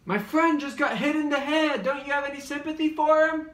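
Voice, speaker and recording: A man putting on a very high, shrill voice for an indignant bystander. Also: steady tone, fairly quick, a bit bright. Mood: shrieking. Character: indignant man shrieking in outrage. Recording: roomy echo, distant mic.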